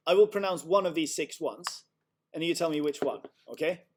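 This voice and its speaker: A man's voice: on the high side, moderate pace, a little hiss or hum. A man tutoring pronunciation on a video call, patiently explaining and demonstrating sounds step by step. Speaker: language tutor. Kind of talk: online tutoring session.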